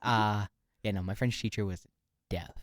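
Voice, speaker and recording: A man's voice: fairly low pitch, fairly even intonation, moderate pace, no room sound, studio quality. A young man co-hosting a podcast, joking wryly in casual chat. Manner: wry, jokey. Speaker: podcast co-host.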